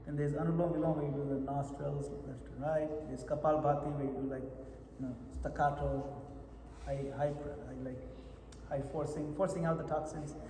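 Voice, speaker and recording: A japa retreat teacher leads a meditation workshop in a retreat hall, coaching his listeners and often checking they follow along. His warm voice is on the high side, with fairly even intonation and a moderate pace, recorded in an echoey hall with long reverb and a little hiss or hum.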